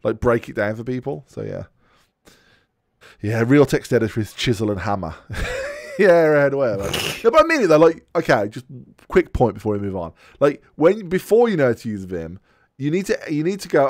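A man's voice: mid-range voice, sing-song, fairly quick, darkish tone, no room sound, clean studio sound. A man hosting a podcast in casual chat, ranting bluntly and swearing freely. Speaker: podcast host.

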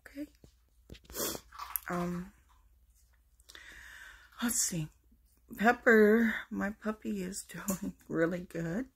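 A woman with a very husky, breathy voice and a gravelly, fry-laden edge, talking in a hushed, tender tone. She records a personal video message to children she misses, drifting into whispers and gentle pauses. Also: medium pitch. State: fighting tears. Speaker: vlogger addressing absent children.

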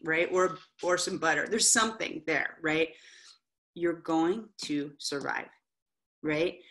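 A middle-aged woman, an author and coach appearing as a guest speaker, gives a candid motivational talk to an audience. Her voice is on the low side, and she tells stories animatedly, checking in with the room through frequent asides.

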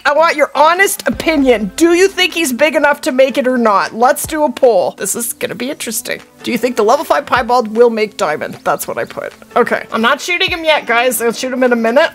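A woman's voice: on the high side, a bit bright. A woman hosting a hunting video game, chatting to her viewers as she plays and talking aloud to the animals on screen. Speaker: gaming channel host. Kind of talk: live gameplay commentary.

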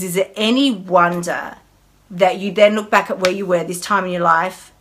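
A woman's voice: mid-range voice, fairly bright tone. A woman hosting a casual live stream, talking candidly and emphatically about her own eating habits. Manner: candid, chatty, emphatic, with acted inner dialogue. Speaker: host.

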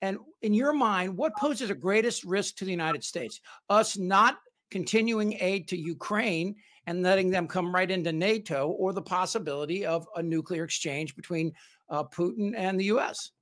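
Give me a male co-host with a high voice posing a measured question to a guest on a political talk show. He sounds calm and deliberate.

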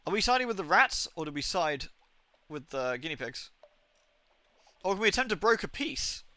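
A man's voice: sits high, big pitch swings, moderate pace, pushed and bright, no echo. A man streaming a game live, reading its text aloud and chatting with viewers as he decides. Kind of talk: live-stream gameplay with read-aloud narration.

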